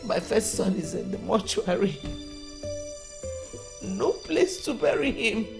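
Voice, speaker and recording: A grieving middle-aged Nigerian mother, crying,. Her gravelly voice leaps all over in pitch and drags slowly as she pleads. Film music plays clearly behind her. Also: sing-song, full character voice. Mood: grief-stricken. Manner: sobbing, pleading, repeating herself. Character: grieving mother who lost her firstborn son.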